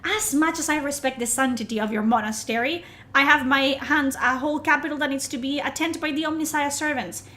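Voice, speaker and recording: A woman reading the lines of a stern, proud male planetary governor in measured, formal speech. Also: sits high, pushed and bright.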